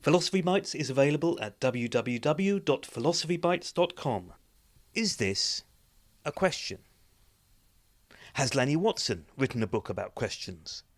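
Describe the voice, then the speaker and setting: A man's voice: medium pitch, normal speed, dry recording. A man hosting a podcast, reading a playful scripted introduction. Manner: playful, lively delivery. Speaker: podcast host. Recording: dry close studio sound.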